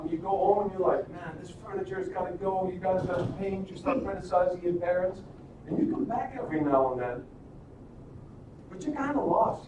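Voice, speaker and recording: High-voiced man talking in an echoey room. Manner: animated, rambling, with frequent restarts and rhetorical questions. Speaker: live stream host. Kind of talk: casual storytelling and motivational talk. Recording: echoey room, distant mic, noisy.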